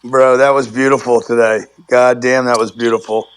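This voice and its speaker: A man's voice: medium pitch, level tone, moderate pace, clean tone. A man calling into a live talk show, arguing his point with blunt, profane emphasis and repeating words for stress. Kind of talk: heated casual debate. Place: remote call from a resort.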